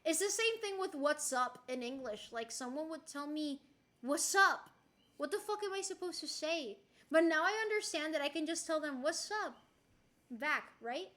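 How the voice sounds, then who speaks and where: High bright woman streamer. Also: expressive, moderate pace. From Puerto Rico. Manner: chatty, playful, giggly, swears casually. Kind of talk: casual chat reading stream chat.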